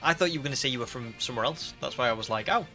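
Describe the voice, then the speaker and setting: A man's voice: medium pitch, rapid-fire, pushed and bright, faint music behind. Chatty northern English man streaming. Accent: northern English with a slight Scouse twang. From northern England. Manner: chatty, rambling, reads viewer comments aloud. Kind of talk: casual live-stream chat.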